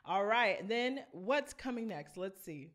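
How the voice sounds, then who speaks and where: A woman's voice: medium pitch, expressive, slow. A woman vocal coach, teaching vocal runs and singing short demonstrations between explanations. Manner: enthusiastic, breaks into sung demonstrations.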